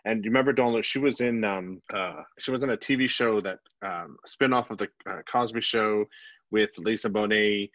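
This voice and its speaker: A man's voice: fairly low pitch, brisk, a bit bright, no room sound, muffled recording. A man co-hosting a casual chat, telling rambling stories and laughing at himself. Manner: rambling storyteller, self-mocking. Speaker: podcast co-host.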